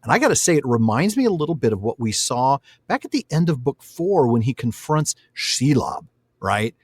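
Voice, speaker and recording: A man's voice: mid-range voice, sing-song, moderate pace, slightly rough, dry recording. A man co-hosting a podcast in casual chat, chatty and laughing often, quoting from a book. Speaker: podcast co-host.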